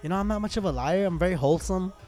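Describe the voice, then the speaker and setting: A man's voice: high voice, very fast, a little mellow. A man hosting a casual party-game chat, joking, laughing often and swearing freely. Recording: music playing clearly behind. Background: music.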